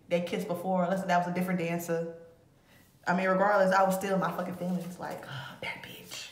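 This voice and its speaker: A woman's voice: medium pitch, reverberant. A woman talking casually and profanely through a tarot reading, rambling with laughing asides. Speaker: tarot reader.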